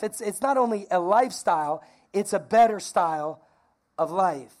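A woman pastor preaching a lively, conversational sermon, calling on the congregation to repeat phrases. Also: medium pitch, moderate pace. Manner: energetic, conversational, calls for congregation responses.

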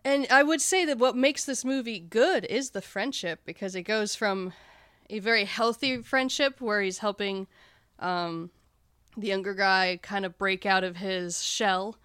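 Casting: woman, smooth clear voice, dry close sound, candid podcast co-host. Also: medium pitch, measured pace, no echo. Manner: candid, swears casually, lively. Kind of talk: casual podcast film discussion.

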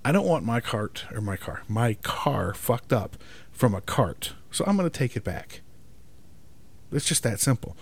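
A man in a profanity-laced rant, speaking to camera, exasperated and emphatic. His voice sits at a middle pitch but swings up and down a lot. He keeps checking in with "right?". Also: very animated, unhurried, creaky. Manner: exasperated, emphatic, swears constantly; keeps asking "right?" for agreement. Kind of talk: profane ranting monologue.

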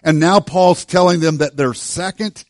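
Man, pastor, sermon, earnest storytelling, hushed emphasis, dry close sound. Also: fairly high pitch, moderate pace, no echo.

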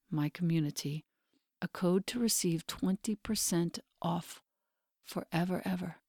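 Low, gravelly-voiced woman podcast host. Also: mellow, dry recording, studio quality. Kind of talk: soft-spoken podcast ad read and intro.

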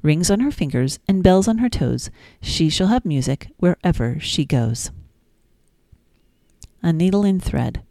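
Woman, low voice, warm mellow tone, sing-song nursery rhyme reading, dry close sound. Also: expressive, measured pace, creaky, long pauses, dry recording. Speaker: children's podcast host.

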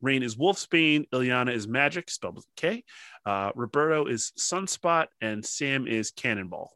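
Animated man with a bright voice. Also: mid-range voice, moderate pace, no room sound. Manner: animated, laughs often, swears. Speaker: podcast host. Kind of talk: casual chat.

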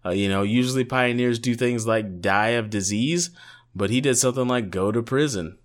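A man's voice: medium pitch, moderate pace. A man co-hosting a podcast, rambling and joking in a casual chat with lots of fillers, sounding tired. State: tired, yawning. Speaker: podcast co-host.

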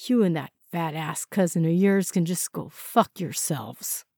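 A woman's voice: fairly low pitch, measured pace, darkish tone, dry recording, clean studio sound. A woman voicing Franklin, a jealous, bitter young man with a sullen, sneering way of talking.

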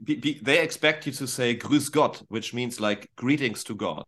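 German man chatting animatedly. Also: mid-range voice. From northern Germany. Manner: animated, quick restarts, mimics voices in stories. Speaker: guest musician. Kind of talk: casual podcast chat.

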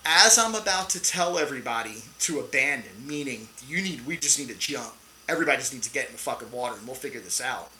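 A middle-aged man, a podcast guest and Navy veteran, telling a story in a casual interview, animated, swearing freely and tossing in "right?" often. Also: medium pitch, fast, a little hiss or hum, rough recording.

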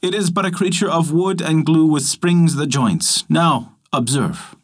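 A man's voice: a little high, animated, measured pace, voice pushed up. A man voicing a solemn, wise old rabbi who speaks in archaic phrasing, in a storybook reading.

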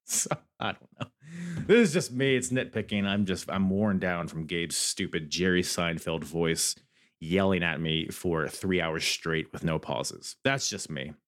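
A man's voice: low-pitched, unhurried, fairly bright tone. A man hosting a podcast, rambling candidly through a casual review and swearing freely. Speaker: podcast host.

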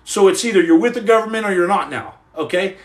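A middle-aged man with a notably high voice talks to his audience in an earnest, preachy tone. He builds to loud emphatic questions, then sinks into soft, murmured asides. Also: animated, quick pace. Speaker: podcast host answering live comments. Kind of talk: preachy live-stream chat.

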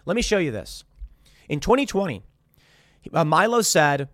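A man's voice: on the high side, sing-song, moderate pace, a bit bright, dry recording, studio quality. A man hosting his own show, rambling through a casual commentary monologue. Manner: rambling, mimics others in quotes. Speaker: show host.

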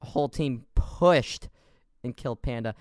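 A man's voice: mid-range voice, unhurried, darkish tone, dry recording, clean studio sound. Laid-back man hosting a podcast. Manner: rambling, laughing storyteller. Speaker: podcast host. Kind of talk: casual gaming podcast chat.

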